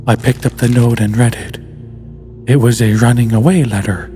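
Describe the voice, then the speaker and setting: Male narrator for a horror story, calm and measured, mid-pitched, faint music underneath.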